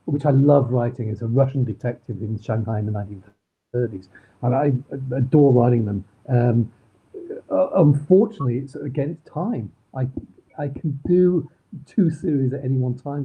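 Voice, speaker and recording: Middle-aged Manchester man, interview guest, husky and rambling, tinny video-call line. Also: medium pitch, moderate pace. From Manchester, England. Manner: rambling, many ums and restarts. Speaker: crime novelist guest. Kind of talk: casual interview chat.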